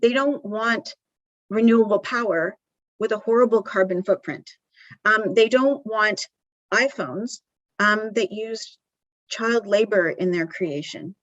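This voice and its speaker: A woman's voice: medium pitch, a little slow, no room sound, dull audio. A woman giving a live conference presentation in a conversational way, with frequent ums and restarts. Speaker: conference speaker. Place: conference venue.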